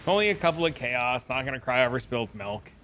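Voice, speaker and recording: A man's voice: mid-range voice, sing-song, fast, a bit bright, slight background noise. A young man streaming a game, chatting loosely with viewers in slangy, casual talk. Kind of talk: casual live-stream chat.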